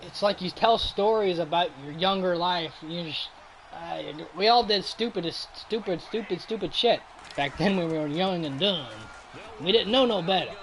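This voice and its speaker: A man's voice: high-pitched, moderate pace, fairly bright tone, a little hiss or hum. A man hosting a casual chat, rambling through stories with frequent laughs and trailing off. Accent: Boston. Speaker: host.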